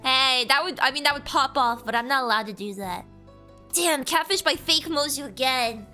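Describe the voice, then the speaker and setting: A woman's voice: high-pitched, fairly quick, soft background music. A young woman streamer from the American South, chatting casually and teasing her viewers as she reads their messages aloud. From Southern United States. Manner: playful, teasing, animated. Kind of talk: casual livestream chat, reading chat aloud.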